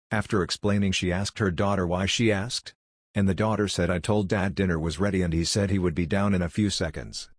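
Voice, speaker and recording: A man reads one joke after another in a flat, deadpan manner. His voice sits very low. The recording is close and dry, with no room sound. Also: dry recording. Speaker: joke narrator. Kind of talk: reading jokes aloud.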